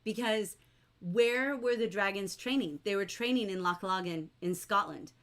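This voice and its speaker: A woman teacher leading a livestreamed novel study, chatty and lively as she reads quotes aloud and answers viewers in the chat. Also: mid-range voice, normal speed. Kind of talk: livestreamed book discussion, reading chat aloud.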